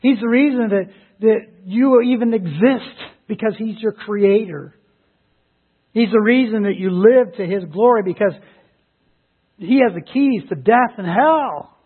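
A man preaching an Easter sermon, emphatic and animated, who laughs as he retells stories. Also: high-pitched, measured pace, slightly rough. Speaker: pastor. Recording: phone-like lo-fi sound.

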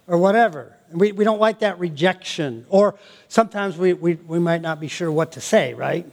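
High-voiced older male pastor preaching. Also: moderate pace. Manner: animated, laughing asides. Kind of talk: sermon.

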